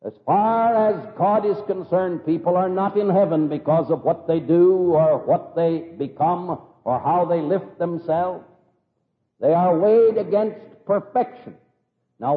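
A man preaching a sermon with animated storytelling and vivid examples. His voice is fairly high and rises and falls widely. The recording is thin and boxy, like a phone line, with a long hall reverb. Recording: echoey hall over tinny phone-like line.

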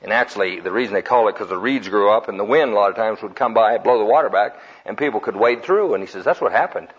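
A man's voice: on the low side, fast talker, breathy edge. A man preaching a sermon in a folksy storytelling way, acting out quotes and laughing at his own jokes. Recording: dull lo-fi recording.

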